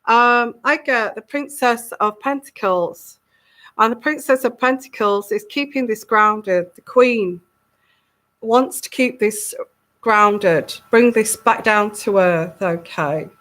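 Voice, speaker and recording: A woman's voice: fairly high pitch, slow pace, fairly bright tone. A woman giving a live tarot reading, musing aloud, repeating words and acting out little quotes. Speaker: tarot reader.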